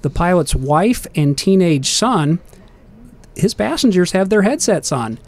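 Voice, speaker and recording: A man explaining aviation safety in a calm, steady manner during a casual panel talk. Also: sits high, a little slow.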